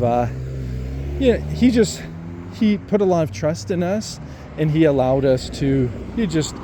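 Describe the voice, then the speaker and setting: A man vlogging, telling a personal story in a reflective, hesitant way with many pauses and restarts. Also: mid-range voice, dark tone, a little hiss or hum.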